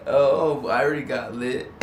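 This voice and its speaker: Host, male, playful and chatty, laughs a lot; sits back from the mic, faint hiss behind. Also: mid-range voice. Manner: playful, laughs often, greets chat viewers. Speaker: live stream host. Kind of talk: casual live stream chat. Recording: echoey, distant mic, faint background noise.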